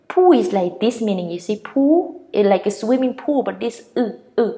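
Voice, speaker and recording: A woman with a Vietnamese accent, a native Vietnamese speaker, teaching an English pronunciation lesson and repeating each word with drawn-out vowels. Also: a little high, sing-song, warm tone.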